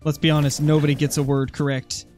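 A young gaming streamer from Oregon, USA, plays a hunting game while chatting casually and answering viewer comments, with faint music behind him. His voice is a little high and darkish in tone, level in delivery and quick in pace.

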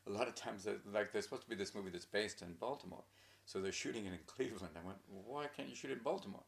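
A man in his sixties talks as a guest on a chat show, rambling from one story to the next. His voice is deep and gravelly with a bright edge, and he talks fast, throwing in quick voices and jokes along the way. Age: 60s. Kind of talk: casual interview chat.

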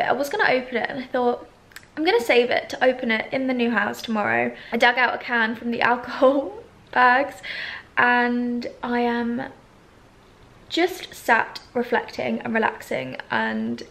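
A woman in her twenties, a lifestyle vlogger, chatting in a teary, gushing way at home in her flat. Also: a little high. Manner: gushing, breathy and soft-spoken. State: teary, emotional. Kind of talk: tearful reflective vlog chat. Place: empty flat at home, indoors. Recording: echoey room, faint background hum.

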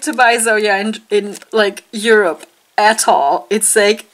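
A woman vlogger chatting casually and gushing excitedly as she unpacks a nail polish haul at home, full of fillers. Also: mid-range voice, slow pace, poor audio. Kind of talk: casual unboxing haul chat.

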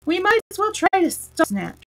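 A woman voicing a fussy, excitable old male king in a storybook read-aloud, high and fretful. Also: moderate pace, gravelly, slight background noise, heavily acted, poor audio. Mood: flustered.

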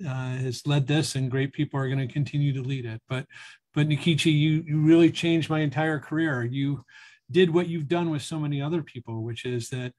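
A man with a slightly higher voice speaks over a video call. He pays a sincere tribute to a colleague, halting and restarting as he searches for words. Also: fairly even intonation, a little mellow. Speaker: former prosecutor. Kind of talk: heartfelt tribute speech.

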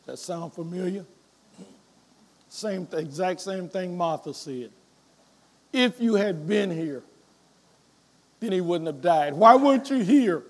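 A man preaching a sermon as pastor, reading scripture aloud and swinging between quiet reflection and loud emphasis. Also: sits high, slow pace, long pauses.

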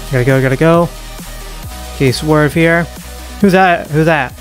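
A young man commentating a horror game as he plays, muttering, whispering and panicking with rapid repeats. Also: on the high side, soft background music. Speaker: gaming YouTuber. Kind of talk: live gameplay commentary.

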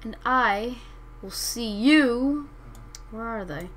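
A woman's voice: a little high, takes it slowly, fairly bright tone, poor audio. A woman hosting a let's-play, commenting casually on her strategy game in a rambling, hesitant way that keeps correcting itself. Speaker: gaming channel host.

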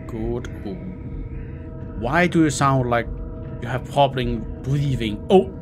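A man's voice: medium pitch, takes it slowly. A man with a Scandinavian accent, a gaming host muttering, groaning and swearing through a horror let's play. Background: game music.

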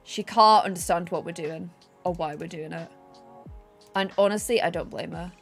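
A woman's voice: lowish voice, moderate pace, vocal fry, soft background music. A chatty, bubbly woman streaming a life sim game at her desk at home, talking to her viewers and her pets. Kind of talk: casual live-stream chat.

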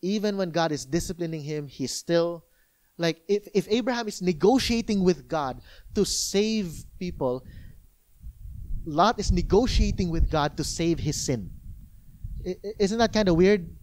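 Male pastor, high-voiced, animated conversational preaching. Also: a little slow. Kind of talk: sermon. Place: church.

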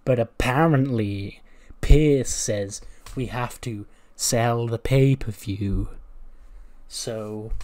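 A cocky female wrestler hosts a talk segment in a wrestling game playthrough, as a man puts her on. The voice is mellow and unhurried, with showy announcer patter that slides into mocking jabs. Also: medium pitch, close to an everyday voice.

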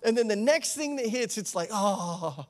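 High-voiced man preaching a sermon. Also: a little fast. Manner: conversational preaching with frequent "you know" and "amen"; animated, acts out the disciples' pleading. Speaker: associate pastor.

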